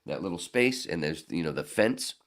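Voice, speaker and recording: A man as a podcast guest, telling animated, profane anecdotes in a casual, laughing way. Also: low-pitched, normal speed. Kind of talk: casual storytelling.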